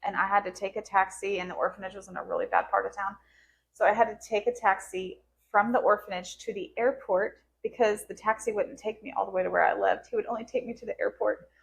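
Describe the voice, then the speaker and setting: A woman's voice: medium pitch, steady tone, quick pace, vocal fry, slight background noise. A woman podcast host telling an emotional personal story in casual conversation, her voice rising and cracking into tearful laughter as she relives moments.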